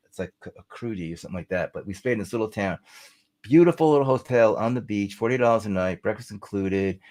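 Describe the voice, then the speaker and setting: A man's voice: lowish voice, darkish tone. A middle-aged man, a songwriter guest, rambling and chatty as he tells stories in a casual interview.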